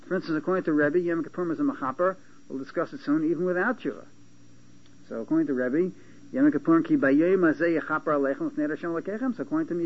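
A man giving a Talmudic lecture to a small class, halting and restarting often and checking that his listeners follow. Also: a little high. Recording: dull lo-fi lecture recording with faint hiss.

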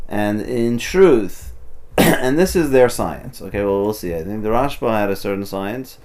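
Low-voiced man teaching a text study. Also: lively intonation, normal speed, a little mellow. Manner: thinks aloud, restarts, many "you know"s. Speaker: Torah teacher. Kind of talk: informal text study, translating and explaining.

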